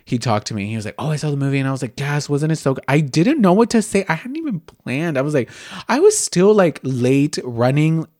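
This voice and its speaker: A man's voice: fairly high pitch, brisk, dry recording, clean studio sound. A young man hosting a candid podcast, gushing and chatty, sometimes dropping into whispers. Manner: gushing, expressive, slips into whispers. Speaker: podcast host. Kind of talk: candid casual chat.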